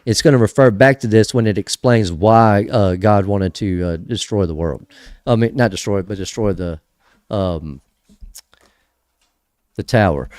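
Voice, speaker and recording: A man's voice: fairly low pitch, moderate pace, long pauses, darkish tone, no room sound, clean studio sound. A man hosting a casual livestream, reading scripture aloud and chatting with viewers. He talks in a chatty, easily distracted way and laughs at himself. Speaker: host reading scripture to a live chat.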